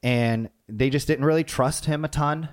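A man's voice: a little high, normal speed. A man casually telling a personal story about leadership, with frequent restarts and acted-out quotes. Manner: conversational, animated retelling with many restarts.

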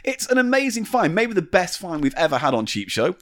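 Brisk and high-voiced, this man hosts a podcast where he spins animated stories in relaxed conversation, cursing without restraint. The sound is clean studio audio with no echo.

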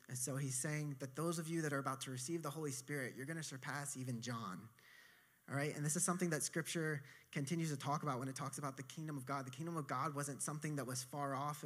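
A male pastor preaching a sermon in an easygoing, chatty way. He has a mid-pitched voice and corrects himself mid-sentence. His delivery feels like he is talking straight to his congregation. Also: a bit bright. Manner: casual conversational preaching with asides and self-corrections.

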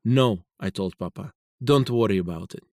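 An actor giving the English voice-over of a grown man retelling his childhood, in a measured, plain delivery. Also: on the low side, warm tone, no room sound, clean studio sound, natural voice.

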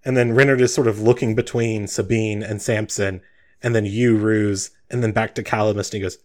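A man's voice: lowish voice, fairly even intonation, a little fast, darkish tone. A man narrating scenes in an easygoing way as game master of a tabletop game.

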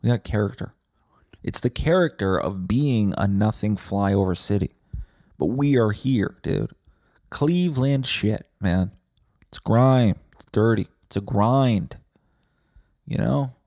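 A man's voice: on the low side, expressive, takes it slowly, a little mellow, no echo. A man hosting a podcast, delivering a rambling, profane, sarcastic comedic monologue on a close mic. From Winnipeg, Canada. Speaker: podcast host.

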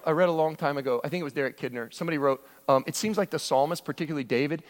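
A pastor preaching an expository sermon, animated, acting out scripture voices with big jumps in his voice. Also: fairly high pitch. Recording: long hall reverb.

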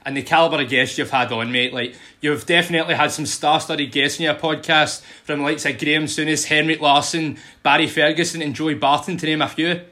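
A man's voice: on the high side, steady tone, brisk, hardly any pauses, sharp tone. A man hosting a podcast, chatting casually and calling his guest "mate" in nearly every line. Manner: casual and friendly, keeps saying "mate". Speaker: podcast host. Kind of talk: casual interview chat.

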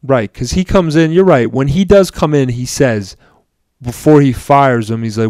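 A man's voice: mid-range voice, normal speed, darkish tone, dry recording, studio quality. A man in a casual movie debate, rambling with lots of "like" and insisting on his point.

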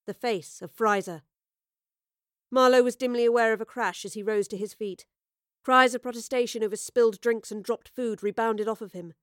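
A woman narrating a dramatic audio story in a measured, storytelling voice. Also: on the high side, steady tone, dry recording, clean studio sound.

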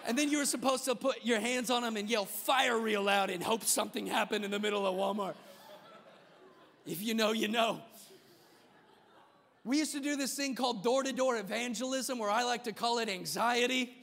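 A male pastor with a high voice preaching a lively sermon, mixing humor into a casual, conversational delivery. The sound carries a long reverb from a church sanctuary. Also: moderate pace, gravelly.

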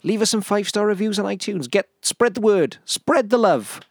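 A man's voice: high-pitched, expressive, moderate pace, no echo. A man hosting a casual podcast interview, chatty and eager as he wraps up and plugs his projects. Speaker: podcast host.

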